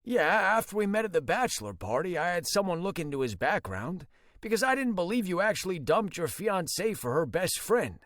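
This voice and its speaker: A man's voice: high voice, sing-song, a little fast, fairly bright tone, no room sound, studio quality, pitched above the performer's own voice. A man voicing a smug adult brother who defends himself self-righteously. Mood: defensive.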